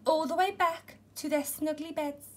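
Very high-voiced woman reading a storybook. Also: moderate pace, slight background noise. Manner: gentle, expressive storytelling. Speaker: nursery teacher. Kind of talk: reading a picture book aloud to young children.

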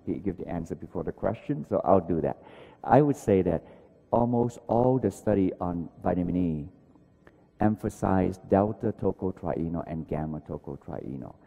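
A man's voice: low-pitched, vocal fry. A man in his sixties giving an earnest academic conference lecture, often repeating words and using non-native grammar. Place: large conference hall. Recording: dull lo-fi hall recording.

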